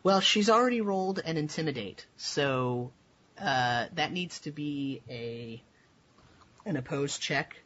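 A man's voice: a little high, animated, slow, fairly bright tone. A man narrating as dungeon master of a tabletop game, talking loosely with many fillers. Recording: dull lo-fi audio with faint background hiss.

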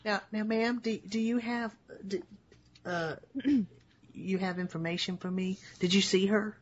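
A man's voice: high voice, steady tone, a little slow, muffled recording, a little hiss or hum, voice pushed up. A man voicing a folksy, rambling small-town police officer who stammers and misses the point. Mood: probing.

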